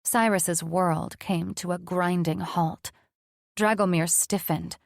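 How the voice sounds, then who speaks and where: Narrator: woman, somewhat low voice, dry close recording, measured read. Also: steady tone, gravelly, no echo. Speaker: audiobook narrator. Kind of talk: scripted narration.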